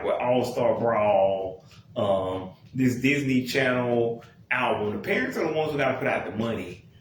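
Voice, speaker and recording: A man's voice: medium pitch, a bit bright. A young man giving a blunt, profane, rambling rant about a music album, exasperated and casual. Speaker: music commentator. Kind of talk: casual ranting commentary. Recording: very echoey room, distant from mic, faint noise.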